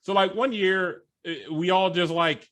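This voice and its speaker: A man chatting on a podcast in a blunt, wisecracking way, tossing in some mild swearing. His voice sits a little above the usual pitch for a man. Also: measured pace, fairly bright tone. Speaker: podcast co-host. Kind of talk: casual chat.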